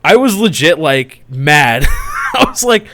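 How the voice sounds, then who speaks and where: Animated young man telling a story. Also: a little high, slow, a crowd in the background. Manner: animated storyteller who swears, laughs and gets worked up. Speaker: podcast co-host. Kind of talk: casual podcast chat.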